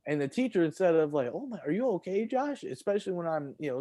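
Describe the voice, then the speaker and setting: A man co-hosting a podcast, telling childhood stories in casual chat and jumping high in pitch when quoting himself. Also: lively intonation, fast talker, hardly any pauses, dark tone, no echo. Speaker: podcast co-host.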